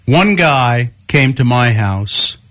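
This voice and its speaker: Animated male radio co-host. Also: mid-range voice, takes it slowly. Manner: animated storyteller with voiced quotes. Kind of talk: casual banter.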